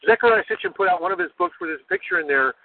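Older guy ranting on a call-in show, high lively voice, sounds like a phone line. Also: rapid-fire. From United States. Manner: forceful, preachy, keeps adding "okay?". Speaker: guest.

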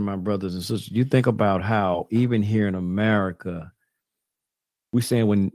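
A man's voice: on the low side, warm tone, no echo. A man hosting a talk radio show, preaching loosely to listeners as his brothers and sisters and often restarting his phrases.

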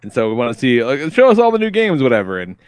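A man co-hosting a podcast, telling stories in an animated, casual way with some swearing. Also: medium pitch, fast, no room sound. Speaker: podcast co-host. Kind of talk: casual chat.

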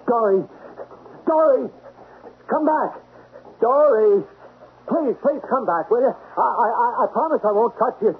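Drunk, rambling obsessive in a vintage radio play; husky voice, thin lo-fi broadcast sound. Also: male voice, mid-range voice, expressive, unhurried, long pauses. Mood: desperate pleading. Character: drunk, obsessive man, talent manager type. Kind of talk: 1970s radio drama acting.

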